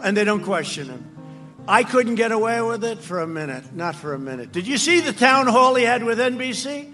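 A man giving a campaign rally speech on a stage microphone, boastful and mocking, repeating himself and often shouting. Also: sits high. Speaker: political speaker at a rally. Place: large rally before a crowd.

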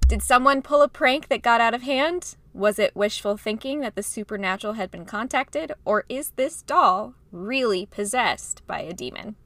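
A woman's voice: on the high side, lively intonation, moderate pace, hardly any pauses, sharp tone, no echo. A young woman co-hosting a casual podcast from home over a video call, bubbly, giggling and apologetic. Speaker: podcast co-host. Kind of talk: casual chat. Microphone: close podcast mic.

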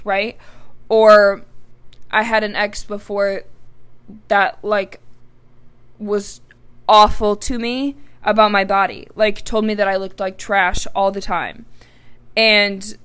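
With a clear, resonant, slightly bright mid-range voice, this young podcast host rambles casually about personal matters, speaking frankly and leaning heavily on "like."

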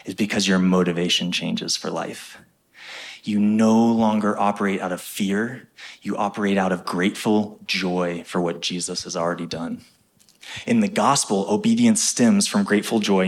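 A man, a pastor, preaching a sermon with emphatic rises and quick conversational asides. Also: fairly low pitch.

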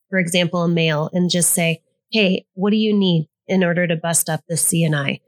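Female therapist, lower voice, frank and conversational, dry recording. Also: dry recording. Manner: conversational, frank, thinks aloud, casual swearing. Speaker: therapist, podcast co-host. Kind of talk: casual podcast discussion.

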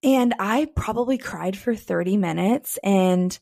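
A young woman co-hosts a podcast, sharing personal stories in a candid, chatty way and saying "like" a lot. Her medium-pitched voice is warm and unhurried, with some vocal fry. The recording is clean studio audio without echo.

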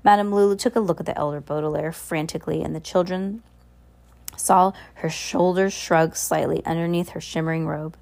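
A woman reading a children's novel aloud as an amateur audiobook, halting at times and going back over words, with lifted voices for the characters. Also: steady tone, gravelly, a little mellow. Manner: halting, with restarts and asides; raises pitch for dialogue voices. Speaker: reader.

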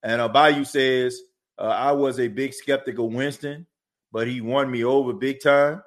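A man's voice: medium pitch, steady tone, measured pace. A man hosting a sports podcast, ranting heatedly and repeating himself. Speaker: podcast host. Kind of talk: casual sports talk.

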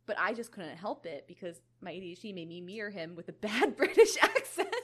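A woman's voice: lowish voice, quick pace, a bit bright, breathy edge. A young woman from Georgia with a slight Southern drawl, chatting casually as a podcast co-host, rambling and swearing now and then. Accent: slight Southern drawl on "all" sounds. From Georgia, USA. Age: young adult. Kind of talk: casual chat.

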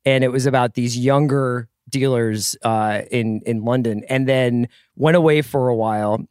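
A man's voice: mid-range voice, fairly even intonation, moderate pace, a little mellow, clean tone, dry recording, clean studio sound. A man in his forties co-hosting a podcast, chatting casually with jokes, tangents and self-deprecating asides. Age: 40s. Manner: joking, rambling, self-deprecating. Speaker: podcast co-host. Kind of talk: casual chat.

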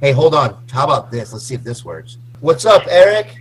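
A man in his forties, slightly tipsy, rambling excitably and swearing through a casual chat. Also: mid-range voice, brisk, rough recording. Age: 40s. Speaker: guest on a call.

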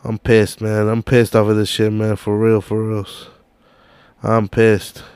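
A man's voice: fairly low pitch, completely flat delivery, unhurried, darkish tone, clear, resonant tone, no room sound. A young man hosting a podcast, ranting casually and profanely while hunting for a video on his phone. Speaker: podcast host.

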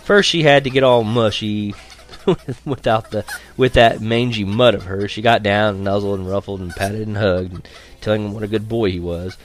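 A man reading a first-person story aloud in a lively, animated way, chuckling now and then. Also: lowish voice, moderate pace.

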